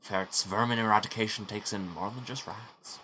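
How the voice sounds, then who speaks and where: Steady and forceful, with a bright tone at a moderate pace, a man with a low-sitting voice plays a dry, rueful, gloomy young Scottish doctor. His put-on Scottish accent is unsteady and leans Irish, and there's slight background noise.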